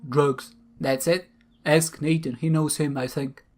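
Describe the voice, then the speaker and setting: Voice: medium pitch, fairly even intonation, darkish tone, lightly acted. A streamer voicing a laid-back young male stoner while reading his texts aloud in a game playthrough. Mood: drawling. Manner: slow drawling stoner voice.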